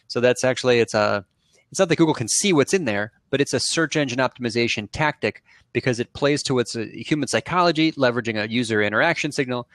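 Confident guy explaining stuff on a video call, dry sound, normal pitch. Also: fairly bright tone, no room sound. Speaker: guest expert. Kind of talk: explanatory interview talk.

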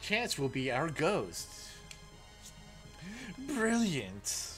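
A man talks over his game in an excitable, laughing commentary, reading lines aloud as he goes. His voice sits a little high and swings widely in pitch, while he drawls along very slowly. Faint game music plays underneath. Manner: excitable, laughs often, reads dialogue aloud. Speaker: gaming let's player. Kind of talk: let's play commentary.

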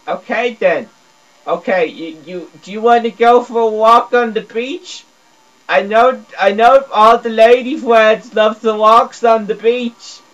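With a fairly bright tone, measured pace and fairly even intonation, a gameplay video creator delivers comedic commentary full of stammering, repeated words and dopey broken grammar. He lurches between low mumbling and high squealing, captured in dull lo-fi sound.

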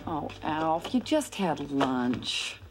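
A woman's voice: low-pitched, big pitch swings, extremely slow, soft background music, exaggerated voice. A woman playing an exasperated, scolding mother in a 1980s sitcom. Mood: weary. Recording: hissy old TV tape with studio laughter.

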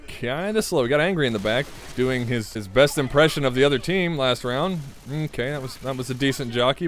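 Young male gameplay commentator, sardonic and muttering, lively slightly raised voice, close pop-filter mic. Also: on the high side, a little hiss or hum. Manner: sardonic, mutters to himself, swears freely. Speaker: gaming video creator. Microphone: pop filter studio mic.

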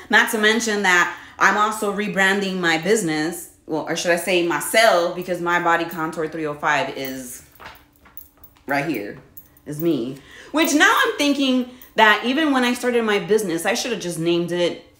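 Animated woman telling a spiritual story. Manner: animated storytelling, laughs often, acts out her own reactions in a high voice. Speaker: body contouring business owner. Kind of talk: casual spiritual vlog talk. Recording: echoey room with faint music.

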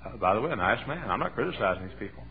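A man preaching a sermon from his pulpit, telling a story and building to shouted fervor. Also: lowish voice, big pitch swings, racing. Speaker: pastor. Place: church sanctuary. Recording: tinny phone-like old sermon tape.

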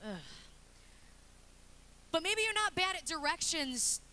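A woman in her thirties preaching a lively, chatty sermon in a church, acting out little scenes as she goes. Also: very high-pitched, takes it slowly. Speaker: pastor's wife preaching. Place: church sanctuary.

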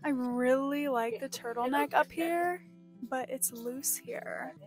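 A young woman from Texas chats in a bubbly, gushing way, exclaiming often. Her voice sits high. Music plays clearly underneath her. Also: slow pace. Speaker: thrift vlogger. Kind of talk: excited casual vlog chat and voice-over. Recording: music playing behind the voice.

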